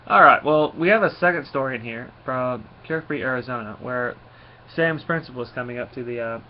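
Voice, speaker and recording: A man's voice: mid-range voice, fairly quick. Rambling man on a dull lo-fi recording. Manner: rambling, with frequent fillers and restarts. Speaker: comic book reviewer. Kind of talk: casual spoken review. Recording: slightly dull lo-fi recording with faint noise.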